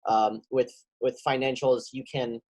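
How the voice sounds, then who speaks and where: Hesitant young-sounding class member. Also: male voice, mid-range voice, little pitch movement, unhurried, darkish tone, low-quality recording. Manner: hesitant, lots of fillers. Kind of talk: casual talk.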